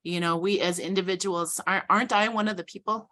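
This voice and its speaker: Earnest, reflective woman with bright tone. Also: medium pitch, steady tone, fast. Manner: earnest and reflective, speaks with quiet conviction. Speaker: panelist. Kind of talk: conversational panel discussion.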